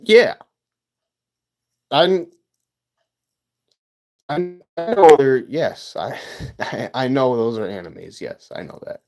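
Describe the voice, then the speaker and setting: A man's voice: medium pitch, sing-song, takes it slowly, long pauses, a little mellow. A man, chatting casually with livestream viewers, rambling with stammers and sarcastic asides.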